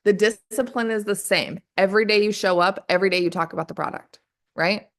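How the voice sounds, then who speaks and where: Energetic woman sales trainer, mid-range voice, fires off rhetorical questions and keeps addressing the team directly. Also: medium pitch, brisk. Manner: energetic, keeps calling the audience "you guys". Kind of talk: motivational training call.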